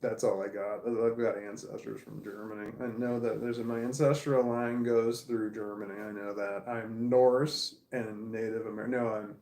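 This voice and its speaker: A man's voice: on the low side, steady tone, moderate pace, few pauses, darkish tone. A man talking casually on a livestream, rambling and swearing as he tells a story, recorded in an echoey living room. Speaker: livestream host.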